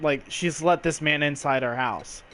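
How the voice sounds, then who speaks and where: High-voiced man chatting about a movie. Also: moderate pace, fairly bright tone. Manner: rambling, acts out quotes, swears. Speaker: podcast co-host. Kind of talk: casual movie review chat.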